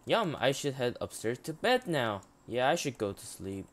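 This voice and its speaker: A man hosting a game let's play, chatting and reading the on-screen text aloud, halting with frequent ums. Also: mid-range voice, big pitch swings, fairly bright tone. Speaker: gaming channel host.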